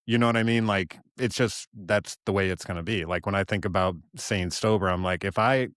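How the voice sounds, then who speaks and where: A male podcast host thinks out loud in an earnest, reflective way and often checks in with his guest. His voice sits on the low side. It is recorded dry and close. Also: steady tone, brisk, dry recording. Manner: earnest, reflective, says "you know what I mean". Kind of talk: casual conversation.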